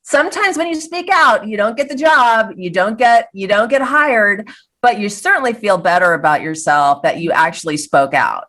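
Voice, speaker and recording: A middle-aged woman chats openly as an interview guest, at a medium pitch. She sounds earnest and reflective. She often stops and restarts her phrases as she thinks aloud. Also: moderate pace, fairly bright tone. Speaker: guest, filmmaker. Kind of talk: casual interview chat.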